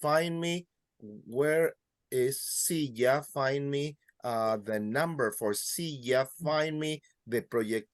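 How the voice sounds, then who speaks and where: A man's voice: medium pitch, takes it slowly, no room sound, clean studio sound. A man teaching a beginner Spanish class, counting students in and praising their answers. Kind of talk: classroom language lesson.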